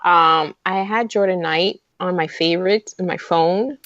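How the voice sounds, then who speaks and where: A woman guest co-hosting a fan podcast, excitable and rambling in casual chat. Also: lowish voice, no room sound, muffled recording. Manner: excitable, rambling, talks fast when excited. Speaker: guest co-host.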